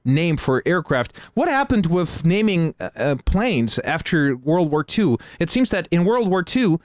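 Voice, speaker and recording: A man's voice: fairly high pitch, very animated, unhurried, no room sound, clean studio sound. A man hosting a live game stream, chatting casually with lots of fillers and restarts. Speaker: stream host.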